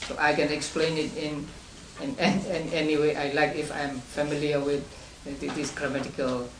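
A man's voice: a little high, level tone. Man teaching from far off in a room. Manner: unhurried, explains step by step with many restarts; chuckles between points. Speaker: Buddhist meditation teacher. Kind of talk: study class lecture. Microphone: distant room mic. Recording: roomy distant amateur recording with hiss.

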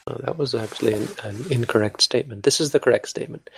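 A man's voice: medium pitch, quick pace, gravelly, hardly any pauses, slight background noise. A man teaching a language lesson in a casual, joking way, stopping to correct himself as he goes. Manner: informal, self-correcting, joking.

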